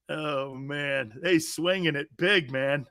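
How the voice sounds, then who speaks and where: A man's voice: fairly high pitch, bright, forceful tone. A man hosting a sports talk show in a blunt, profane, mocking monologue, laughing often.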